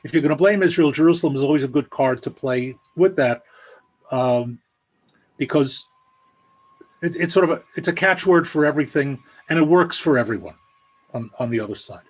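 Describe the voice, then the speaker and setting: A man giving a measured, explanatory analysis with dry, sarcastic asides over a video call. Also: on the high side, expressive, highs cut off. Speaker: guest analyst. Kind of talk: spoken analysis at an online meeting.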